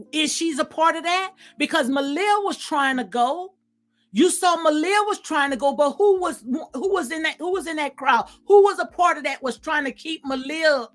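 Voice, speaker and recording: A woman hosting a reaction commentary, her voice sitting high. She talks straight to her viewers, pressing and repeating her points with emphatic insistence. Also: a bit bright. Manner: emphatic, repeats phrases, addresses viewers directly. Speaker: commentary channel host. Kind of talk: reaction commentary on viral clips.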